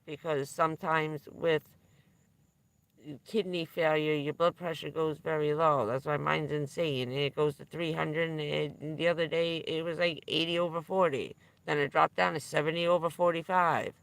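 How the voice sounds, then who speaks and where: A woman's voice: low voice, steady tone, moderate pace, vocal fry. A middle-aged woman telling a candid, profane story on a livestream, laughing now and then through hard news. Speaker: vlogger.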